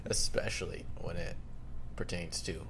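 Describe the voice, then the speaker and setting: A man's voice: deep voice, fairly even intonation, measured pace, creaky, fairly bright tone, a little hiss or hum. A man co-hosting a podcast in casual chat, teasing and swearing, laughing often. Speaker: podcast co-host.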